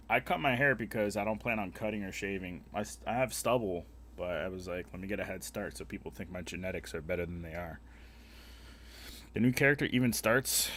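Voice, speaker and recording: A man's voice: low-pitched, fairly bright tone. A young man live-streaming a game, chatting casually with viewers in a crude, joking, rambling way. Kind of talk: casual gaming stream chat.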